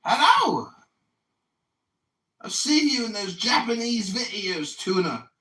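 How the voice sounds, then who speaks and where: A man in his forties shouts mocking taunts in a high, swooping voice that sounds bright and cutting. He is set back from the mic, and his voice bounces around a roomy space. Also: sing-song, slow. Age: 40s. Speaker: livestream host, political candidate. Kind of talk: heated livestream argument. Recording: roomy echo, distant from the mic.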